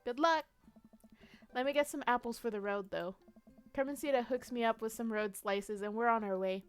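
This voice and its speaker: This young woman, smooth-voiced and on the high side, narrates her moves in a streamed detective role-play game with a playful, laughing manner. She reads out story text, and faint music is audible.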